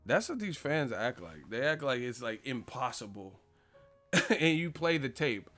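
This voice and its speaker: A man hosting a boxing live stream, ranting in an animated way with profane, slangy storytelling. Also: medium pitch, normal speed, faint music behind. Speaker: boxing channel host.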